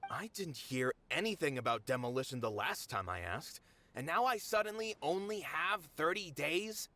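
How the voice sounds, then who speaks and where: Casting: a warm-hearted theater boss, bright, expressive, slightly high voice. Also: male voice, normal speed. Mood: distressed. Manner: gentle, anxious, pleading. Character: worried, kindly middle-aged theater manager. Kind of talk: game voice acting.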